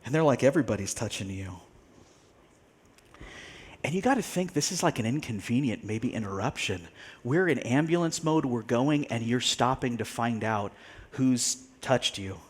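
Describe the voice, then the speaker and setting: A male pastor preaching a sermon, telling a story with animated delivery, acting out the people he quotes and laughing now and then. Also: mid-range voice, moderate pace, breathy edge.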